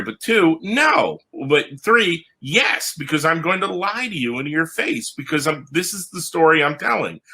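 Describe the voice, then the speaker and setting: A man, a comic book writer, telling stories in an animated podcast conversation and acting out the voices of the people in them. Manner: animated, acts out quoted voices with big pitch jumps. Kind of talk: animated storytelling in a podcast interview.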